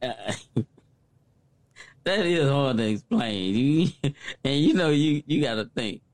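A man co-hosting a podcast, chiming in with quick reactions and laughs. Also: mid-range voice, expressive, no room sound. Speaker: podcast co-host. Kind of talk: casual chat.

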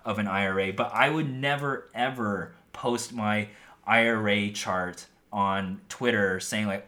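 A man's voice: lowish voice, fairly even intonation, normal speed, bright, forceful tone. Rambling young man hosting a podcast. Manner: rambling, full of "like" and "um" fillers. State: losing his voice. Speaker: podcast host. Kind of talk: casual solo podcast talk.

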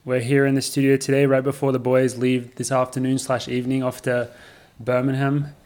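A man's voice: medium pitch, little pitch movement, brisk, darkish tone. A young man hosting a casual podcast in a studio, joking and laughing easily as he talks. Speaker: podcast host.

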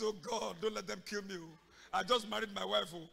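A male pastor preaching a sermon, acting out scenes and bursting into loud shouts. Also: sits high, moderate pace, gravelly. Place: church hall. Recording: long reverb of a large hall.

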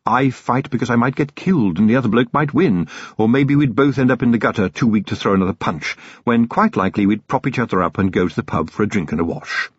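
Male reader as a calm, friendly, dangerous butler-brawler, lively and husky, muffled audiobook sound. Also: low voice, drawn-out words, hardly any pauses, no room sound, voice pushed down, full character voice. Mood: cheerful menace. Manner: chatty, friendly, quietly threatening. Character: cheerful menacing male manservant, street fighter.

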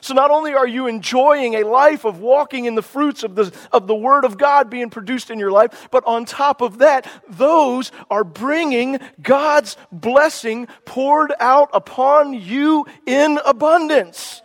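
A man's voice: extremely high pitch, measured pace. A male pastor preaching a sermon with growing passion, often repeating and restarting his phrases. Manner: impassioned preaching with rising emphasis.

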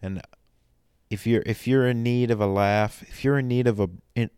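Man, rambling comedy monologue, sarcastic, mock-soothing, dry close sound, smooth voice. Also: mid-range voice, steady tone, moderate pace, darkish tone, no echo.

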